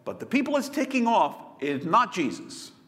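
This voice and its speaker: Lively preacher in a reverberant hall. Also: male voice, high-pitched, normal speed. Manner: lively storytelling, swings between loud and hushed. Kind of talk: sermon.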